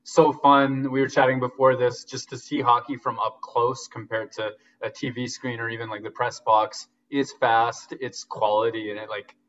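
Excited man sports guest, dull lo-fi sound. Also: medium pitch, moderate pace, hardly any pauses, recorded from a distance. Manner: enthusiastic, gets emotional, fillers like "like" and "um". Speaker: podcast guest, sports reporter. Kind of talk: casual sports chat.

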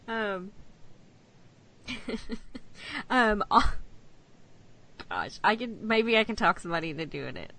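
A woman's voice: medium pitch, big pitch swings, takes it slowly, long pauses, a bit bright. A woman co-hosting a casual podcast on a remote call, giggling often and acting out lines from the show. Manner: giggly, acts out quotes. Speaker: podcast co-host. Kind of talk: casual chat. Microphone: remote call mic.

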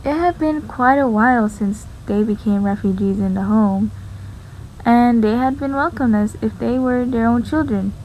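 A woman's voice: on the high side, a little mellow, a little hiss or hum, poor audio. Woman reading a story aloud. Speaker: narrator.

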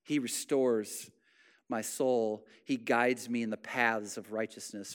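A man preaching a sermon with passion, rising to loud exclamations and then dropping to hushed, soft phrases. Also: mid-range voice, steady tone, slow, smooth. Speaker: pastor.

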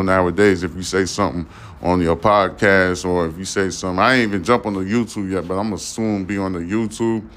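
A young man hosting his own podcast, reading news stories and riffing on them in a loose, profane, rambling way with many fillers. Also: low-pitched. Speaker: podcast host. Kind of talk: casual solo podcast news commentary.

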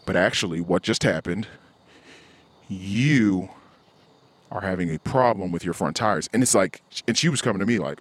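Husky, profane man ranting on a podcast. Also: low-pitched, normal speed, no room sound. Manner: blunt, profane, heated ranting. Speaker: podcast host. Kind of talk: casual podcast monologue.

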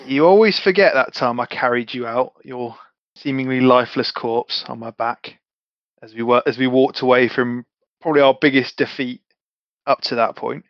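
In-character at a tabletop game, a man swaps casual, matey banter full of swearing. He talks at a moderate pace and medium pitch, and the dry, slightly muffled recording has no room sound.

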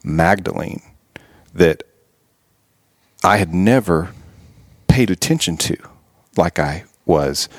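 A man's voice: low voice, lively intonation, slow, long pauses, dry recording, studio quality. A man, a podcast guest and author, earnestly retelling scenes and reflecting on them in an interview. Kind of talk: storytelling in an interview.

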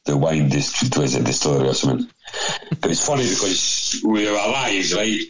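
A man's voice: very deep voice, very animated, a little fast, a loud crowd, low-quality recording. A man telling a rambling anecdote over casual chat, swearing constantly. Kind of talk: casual storytelling.

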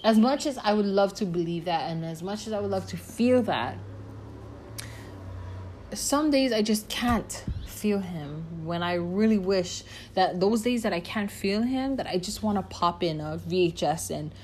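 A woman's voice: medium pitch, lively intonation, unhurried, darkish tone, slight background noise. Candid, foul-mouthed young woman podcaster. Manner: candid, heavy swearing, many fillers and restarts. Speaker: podcast host. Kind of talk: casual personal podcast talk.

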